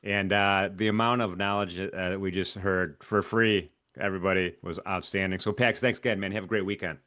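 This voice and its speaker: A man's voice: low-pitched, steady tone, fairly quick, pushed and bright. A man hosting a live trading stream, chatty and upbeat, urging viewers to like the video and thanking guests. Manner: upbeat, hypes viewers, frequent fillers. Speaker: host. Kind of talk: casual live-stream chat.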